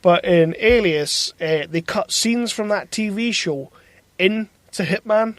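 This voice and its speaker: A man hosting a podcast in casual chat, sweary and enthusiastic, quick to laugh. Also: high voice, a bit bright, no room sound. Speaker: podcast host.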